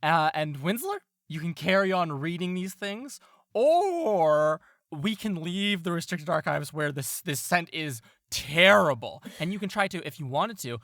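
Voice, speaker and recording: A man's voice: a little high, fairly bright tone, no room sound, clean studio sound. A man narrating as game master of a tabletop game, describing scenes and laughing often.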